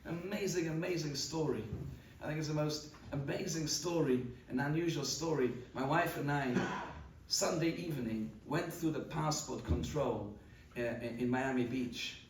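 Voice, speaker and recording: A man's voice: on the high side, normal speed. A man, a rabbi delivering a eulogy sermon, earnest and storytelling, often repeating a word as he searches for the next phrase. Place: large study hall. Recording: roomy hall audio from a distance, faint noise.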